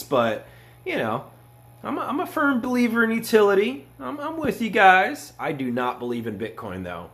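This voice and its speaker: A man's voice: sits high, huge pitch swings, normal speed, a bit bright. A man giving a casual, rambling crypto opinion vlog, self-mocking and joking with his viewers. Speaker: crypto commentator.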